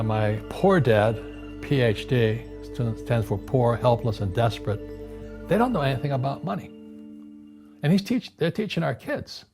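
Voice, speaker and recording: A man in his seventies from Hawaii, a guest in an interview, telling animated stories with frequent restarts and repeated words. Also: mid-range voice. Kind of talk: storytelling conversation. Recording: music playing underneath.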